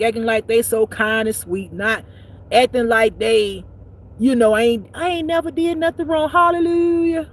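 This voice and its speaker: A woman giving a profane spiritual rant as a life teacher, blunt and preachy, swinging between loud outbursts and low muttering. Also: rough recording. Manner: blunt and preachy, swearing freely.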